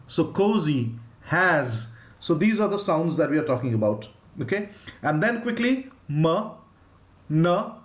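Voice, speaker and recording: A man with an Indian English accent, teaching a live phonics lesson and drawing out each sound slowly. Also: sits high. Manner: slow, drawn-out demonstration of sounds, reading out viewers' names.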